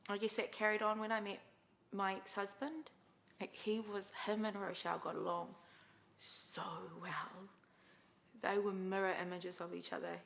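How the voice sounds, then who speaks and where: Candid, gravelly New Zealand woman. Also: medium pitch, flat delivery, normal speed, a bit bright. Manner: candid, personal storytelling. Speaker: interviewee. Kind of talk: documentary interview.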